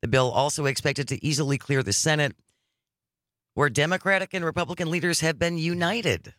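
A man's voice: on the high side, a little fast, fairly bright tone, no room sound. A man hosting a political talk radio show, reading news items and joking sarcastically with his co-host in a studio. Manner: wry, sarcastic, reads news items aloud. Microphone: studio microphone.

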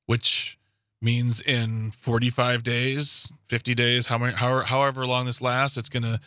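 A man's voice: medium pitch, little pitch movement, unhurried, bright, forceful tone, no echo. A man co-hosting a political talk radio show, tossing out sarcastic jokes and banter in a studio. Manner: joking, sarcastic, acts out mocking quotes. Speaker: radio co-host. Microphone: studio microphone.

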